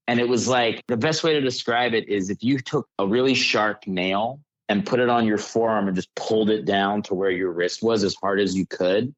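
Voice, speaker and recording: A man with a lowish voice tells a story in a loose, rambling way, full of filler words. He is a comedian calling in to the show. His voice comes through muffled, lo-fi call-in audio. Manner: rambling, heavy use of "like" fillers. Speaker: comedian guest. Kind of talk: casual storytelling. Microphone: calling in remotely.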